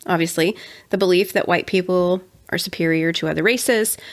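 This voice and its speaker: Chatty young woman, lowish voice. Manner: chatty, sarcastic asides. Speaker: podcast co-host. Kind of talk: casual true-crime podcast chat.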